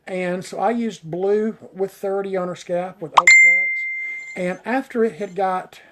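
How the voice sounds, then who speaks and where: A hairstylist chats casually on a live stream, answering viewer comments against a noisy background. His voice sits high with fairly even intonation and a measured pace. He rambles enthusiastically, leans heavily on "you know," and gets tongue-tied on difficult words.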